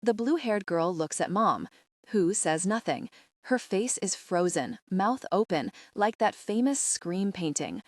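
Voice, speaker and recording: A woman narrating a young adult audiobook in the first person, steady and even. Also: medium pitch, a little slow, no echo, clean studio sound.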